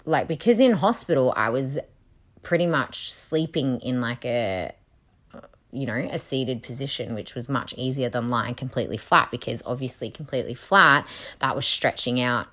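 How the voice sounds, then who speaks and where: A woman's voice: extremely low pitch, moderate pace, a bit bright. A young woman, candidly telling a personal story with frequent "like" fillers. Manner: frank and emotional, heavy use of "like". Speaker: new mother.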